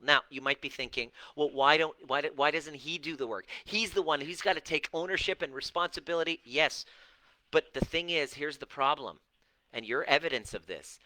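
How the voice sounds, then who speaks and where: A middle-aged man coaching on relationships and healing speaks straight to camera, answering viewers bluntly and preachily, with profanity and mocking put-on voices. His voice is medium-pitched and sharp, the recording rough but free of echo.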